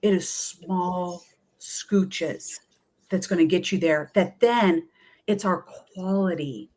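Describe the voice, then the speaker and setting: A middle-aged woman, a wellness coach, telling lively stories in an interview and acting out what people said to her. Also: fairly low pitch, slow. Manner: energetic, chatty, often acts out quoted voices. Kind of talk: animated storytelling in a talk-show interview.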